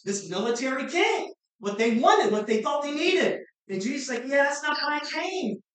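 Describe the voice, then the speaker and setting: A woman pastor preaching a sermon, swinging between fervent shouts and quiet, low asides. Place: church sanctuary. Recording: very echoey hall, mic far off.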